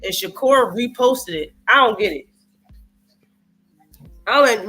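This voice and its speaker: Brief: high, bright-voiced man, streaming host, animated and profane, faint music behind. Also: slow, long pauses. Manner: animated, profane, reacts to live chat. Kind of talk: casual live-stream boxing talk.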